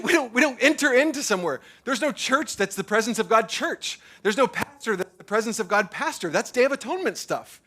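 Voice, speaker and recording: A male pastor delivers a sermon at a church service, his voice pitched high and bright. He talks in an animated, casual way, stacking fillers and repeating himself as he goes. He sounds like a man in his thirties or forties.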